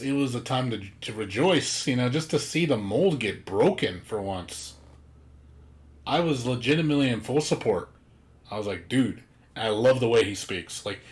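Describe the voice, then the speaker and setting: A man streaming a game, chatting casually with a blunt, profane, ranting manner. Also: on the low side. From United States. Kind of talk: casual chat.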